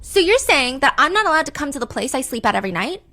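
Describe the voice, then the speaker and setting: A woman voicing an angry, demanding teenage girlfriend as she reads out hostile private messages in a shrill, snapping tone. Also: sing-song, quick pace, sharp tone, no echo, heavily acted.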